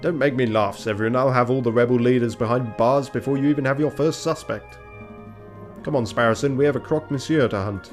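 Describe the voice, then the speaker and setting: A man's voice: medium pitch, a little fast, darkish tone, faint music behind, pitched above the performer's own voice, natural voice. A man voicing a proud male falcon lawyer in a game, formal and confident.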